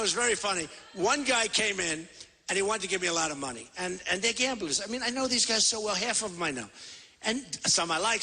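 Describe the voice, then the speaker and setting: A man's voice: high-pitched, pushed and bright, breathy edge. A man in his sixties giving a rambling, boastful, repetitive campaign rally speech into a podium microphone in a large convention hall. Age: 60s. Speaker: presidential candidate. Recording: reverberant hall PA sound.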